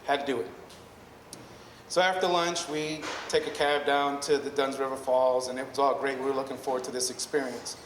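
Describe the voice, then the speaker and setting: At a live storytelling evening, a man briskly shares a personal story in a mid-range voice with little pitch movement, rambling chattily and often correcting himself. The hall is echoey with long reverb and faint noise.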